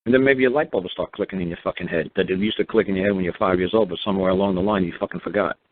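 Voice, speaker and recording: This call-in show host from New York speaks very fast in a low voice, hurling blunt, profane rhetorical questions at a caller. The recording has a tinny phone-line quality.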